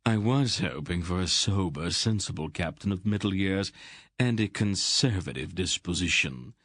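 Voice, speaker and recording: A man's voice: low-pitched, lively intonation, moderate pace, fairly bright tone, dry recording. A man doing a wry, sour little thief. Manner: wry, dry. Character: wry, sardonic male thief, uneasy. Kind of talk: audiobook character voice.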